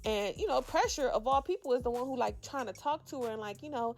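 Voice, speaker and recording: Sassy woman recap host with a raspy fry and a touch-high pitch, gossiping to her viewers. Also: quick pace, few pauses, darkish tone. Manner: chatty, sassy, laughs often, calls viewers "child". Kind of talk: casual recap commentary.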